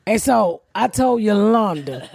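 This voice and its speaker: Blunt, profane woman host with a lively voice. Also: mid-range voice, a little slow, vocal fry. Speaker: podcast host. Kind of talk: casual comedic chat.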